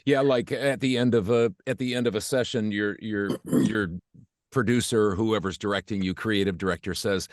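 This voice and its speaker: A man's voice: fairly low pitch, steady tone, normal speed, dry recording, clean studio sound. A male podcast host chatting casually, agreeable and prone to trailing off mid-thought. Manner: agreeable, frequent affirmations, trailing off. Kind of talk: casual interview chat.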